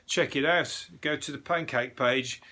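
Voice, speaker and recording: A man's voice: mid-range voice, measured pace, pushed and bright. A man with a Birmingham accent, a comedian and podcast host rambling through a casual news review, swearing freely with jokey asides and lots of fillers. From England.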